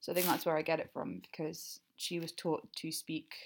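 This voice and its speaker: A young woman with a southern English accent, answering listener questions in a casual, chatty way, enunciating clearly, with lots of fillers, laughter and swearing. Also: deep voice, steady tone, normal speed, slight background noise. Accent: southern English, standard-leaning. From England. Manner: enunciates clearly when recording. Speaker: creator answering fan questions. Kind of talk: casual Q&A recording.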